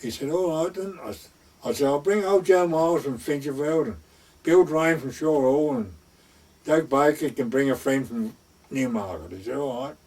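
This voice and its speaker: A man's voice: medium pitch, normal speed, a little mellow, breathy edge, distant mic. An older man with a rural North Essex and West Suffolk dialect, a gamekeeper telling his stories in a rambling way and acting out the talk in a raised voice. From North Essex/West Suffolk border, England. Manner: rambling, acts out dialogue in raised voice. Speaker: gamekeeper storyteller. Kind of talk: oral history storytelling.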